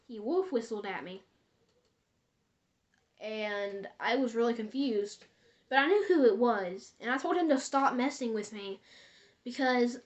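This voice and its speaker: A woman casually telling a scary story in a rambling, self-correcting way. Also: a little high.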